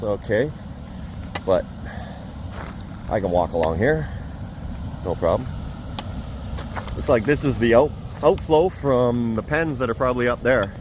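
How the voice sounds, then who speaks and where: A man's voice: mid-range voice, a little mellow, a little hiss or hum. A chatty, self-deprecating middle-aged man from Canada vlogging as he walks around a fish hatchery outdoors. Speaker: travel vlogger. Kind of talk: casual vlog walk-and-talk.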